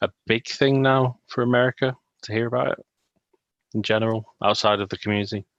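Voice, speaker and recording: A man's voice: medium pitch, fairly even intonation, a little fast, fairly bright tone, no room sound, dull audio. A man from the UK co-hosting a casual livestream chat, teasing with dry, mock-serious humour. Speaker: livestream co-host.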